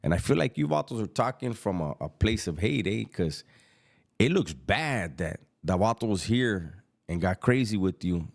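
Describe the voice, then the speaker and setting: A middle-aged man, telling a story about prison in casual street slang, unhurried and reflective. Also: fairly low pitch, lively intonation, vocal fry.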